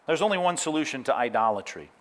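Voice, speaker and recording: A man's voice: a little high, fast. A middle-aged man preaching a sermon, breaking into acted-out quotes and telling listeners to jot down references. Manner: animated preaching with acted-out quotes and asides to note-takers. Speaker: pastor.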